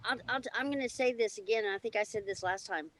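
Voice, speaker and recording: A woman's voice: medium pitch, fast talker, a little hiss or hum. A woman co-hosting a casual talk show, telling stories in a rambling way with many restarts and fillers. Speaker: co-host. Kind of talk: casual discussion.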